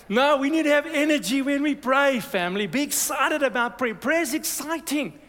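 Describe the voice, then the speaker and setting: A high-pitched male pastor preaches with lively energy, urging the congregation on and asking for their "amen." His voice rings through a church hall with a long, reverberant tail. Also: moderate pace. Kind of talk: sermon.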